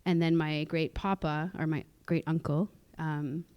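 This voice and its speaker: A woman's voice: sits low, steady tone, unhurried, a little mellow, smooth. A woman from the Musqueam community in Canada, a guest speaker telling personal stories in casual chat, chatty with many fillers and restarts and frequent laughs, recorded on a theatre stage. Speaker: guest speaker at a cultural sharing.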